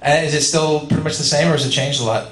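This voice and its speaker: His pitch is a little high and fairly even, his delivery quick and a bit bright. He's a man in his forties from California, swapping self-deprecating stories and laughing often in a chatty convention-panel Q&A. The setting is an echoey hall with a crowd.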